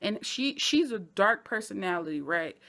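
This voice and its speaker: A woman talks through a TV episode in a relaxed vlog recap. Her voice sits at an ordinary middle pitch. She is animated and chatty and speaks directly to her viewers as fellow fans. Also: normal speed, vocal fry. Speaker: TV show reviewer.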